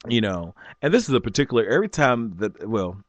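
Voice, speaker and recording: A man in his forties telling a story in an animated rant, laughing often and jumping up high when he quotes people. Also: fast talker, dry recording. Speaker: vlogger.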